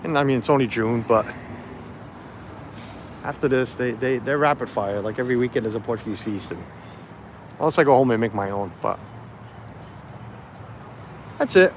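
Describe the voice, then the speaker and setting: A man's voice: medium pitch, normal speed, pauses often, slight background noise. A man chatting casually on a phone livestream while walking around a festival site outdoors, rambling with lots of fillers. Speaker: livestream vlogger. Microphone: phone camera held while walking.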